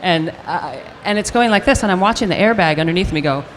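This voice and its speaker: An older woman, an actress, telling a lively anecdote in an interview, acting out the quotes as she goes. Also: on the low side, quick pace, a little hiss or hum. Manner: animated storyteller acting out quotes with restarts. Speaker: actress guest.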